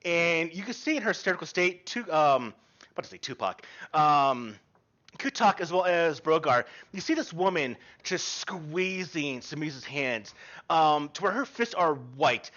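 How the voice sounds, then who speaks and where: Animated male game master, muffled audio. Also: fairly high pitch, a little slow. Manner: animated, descriptive narration with frequent ums. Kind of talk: narrating a tabletop game.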